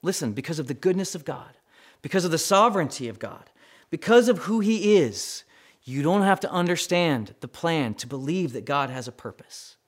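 A man preaching a sermon with dramatic swings between loud emphasis and near-whispers, acting out quoted prayers. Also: fairly high pitch, big pitch swings, moderate pace. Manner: acts out quoted voices in prayers. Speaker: pastor.

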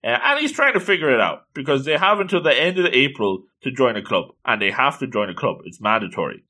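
A man reading a comic aloud in casual commentary, chatty and quick to exclaim at what happens. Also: medium pitch, very animated, sharp tone. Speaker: manga reader. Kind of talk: casual read-along commentary.

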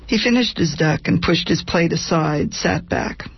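A woman guest author reads her memoir aloud with dry, wry storytelling. Her voice is gravelly and husky. It is recorded close and dry, with a dull, lo-fi sound. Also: on the low side, unhurried, hardly any pauses, dry recording. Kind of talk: reading a memoir excerpt aloud.

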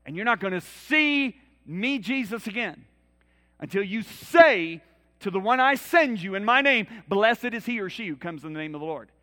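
High, bright preacher in a reverberant hall. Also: male voice, lively intonation, normal speed. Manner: dramatic storytelling, acting out voices, swings from loud to hushed. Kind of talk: sermon. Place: church.

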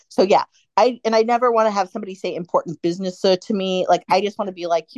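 A woman's voice: mid-range voice, steady tone, fast talker, darkish tone, dry recording. A woman co-hosting a podcast, chatting casually and animatedly, often acting out quotes. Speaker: podcast co-host. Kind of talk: casual fan chat.

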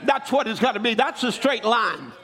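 A man preaching a sermon, rising from calm storytelling into loud, fervent exhortation. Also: extremely high pitch, normal speed. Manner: building to shouted exhortation.

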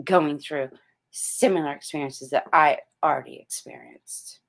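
A woman's voice: low voice, steady tone, moderate pace, a bit bright. A middle-aged woman hosting a motivational vlog, speaking emphatically and repeating her points like a pep talk. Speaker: motivational host.

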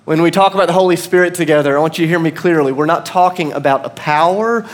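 A man's voice: on the high side, fast. A man in his thirties with an American accent, preaching a sermon as pastor and telling a story with self-deprecating humor.

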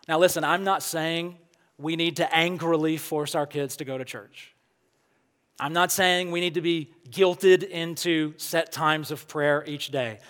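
High-voiced preacher in a reverberant hall. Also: male voice. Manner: earnest, emphatic, builds with rhetorical questions. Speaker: pastor. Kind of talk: sermon.

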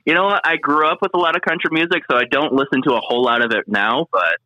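Bright-voiced Michigan man, easygoing. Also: a little high, fast talker, no room sound, lo-fi sound. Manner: easygoing, laughs often. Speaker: podcast guest. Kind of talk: casual interview chat.

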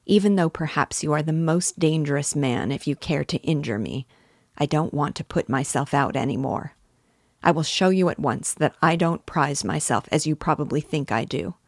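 A woman's voice: low-pitched, normal speed, dry recording, clean studio sound. A woman reading the lines of a tense, gloomy young man who speaks bluntly and impatiently.

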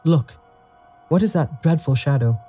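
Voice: mid-range voice, expressive, a little slow, mellow, breathy edge, faint music behind. A reader voicing a frightened middle-aged woman who stammers in horror, in a storybook reading. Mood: horrified.

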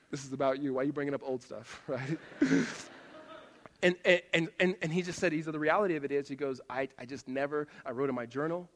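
A middle-aged man preaching a sermon, telling stories and swinging from loud animated bursts to hushed asides. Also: on the high side, moderate pace, long pauses. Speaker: pastor. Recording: long reverb of a hall.

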